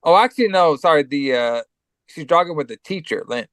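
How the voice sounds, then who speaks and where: A man's voice: on the high side, expressive, a little fast, fairly bright tone, dry recording. Man with a cold, recapping casually. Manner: loose, profane play-by-play with many fillers. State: has a cold. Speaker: podcast co-host.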